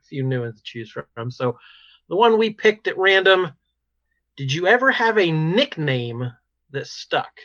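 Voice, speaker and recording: A man's voice: medium pitch, lo-fi sound. A man co-hosting a podcast, introducing a segment and chatting casually with light chuckles. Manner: relaxed, chuckling. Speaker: podcast co-host. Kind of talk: casual chat.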